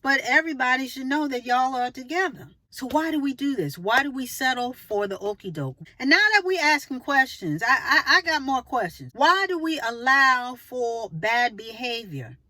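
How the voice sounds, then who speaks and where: A woman's voice: animated, moderate pace, hardly any pauses, sharp tone, no room sound. A woman giving relationship advice in a casual monologue to camera, emphatic and preachy, full of rhetorical questions. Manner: acts out short quoted lines with exaggerated pitch jumps.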